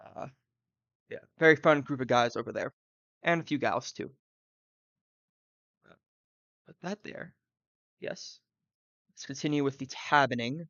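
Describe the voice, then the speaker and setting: A man's voice: medium pitch, a little slow, long pauses, fairly bright tone, dry recording, muffled recording. A man from the Southern US, streaming live and thinking aloud, rambling with fillers and side tangents.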